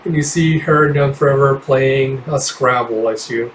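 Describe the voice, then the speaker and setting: A man's voice: mid-range voice, normal speed, slight background noise. A man casually narrating a game read-through, recapping scenes with fillers. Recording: roomy, distant mic.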